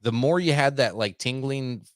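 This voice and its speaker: A man's voice: medium pitch, moderate pace, no echo, clean studio sound. Rambling, profane country-boy storyteller. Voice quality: self-described simple country boy. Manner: rambling, profane, heavy on fillers. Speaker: podcast host. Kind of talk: casual storytelling.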